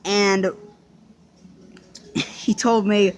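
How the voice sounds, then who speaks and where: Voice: mid-range voice, moderate pace, a bit bright. Young vlogger rambling through a story. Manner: rambling, with frequent restarts and fillers; swears casually. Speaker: vlogger telling a personal story. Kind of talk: casual storytelling.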